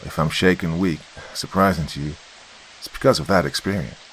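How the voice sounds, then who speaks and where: Male reader doing a haughty, unnerved man from the past, low voice, odd accent, storybook reading. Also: fairly quick, fairly bright tone, a little hiss or hum, poor audio. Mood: tense, imperious. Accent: odd, unfamiliar accent. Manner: imperious, distraught.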